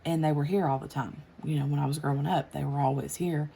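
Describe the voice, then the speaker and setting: A woman's voice: sits low, steady tone, fast, vocal fry, warm tone, a little hiss or hum. A woman, chatting casually on her craft channel while she works, rambling with lots of fillers and restarts. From United States.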